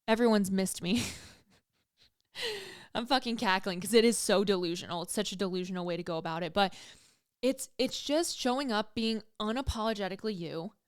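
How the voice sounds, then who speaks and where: Smooth-voiced woman chatting candidly on a podcast. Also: medium pitch, a little fast, long pauses, no room sound, studio quality. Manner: candid, chatty, swears freely, laughs at herself. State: pregnant, hormonal and emotional. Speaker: podcast host. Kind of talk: casual solo podcast chat.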